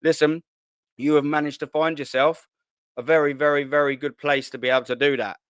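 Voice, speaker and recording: A young man, hosting a casual live stream from his kitchen at home, talking in excitable slang, swearing and repeating himself. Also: fairly high pitch, a little fast, clean tone, no echo, clean studio sound. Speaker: football channel host. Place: at home, sitting at a kitchen island.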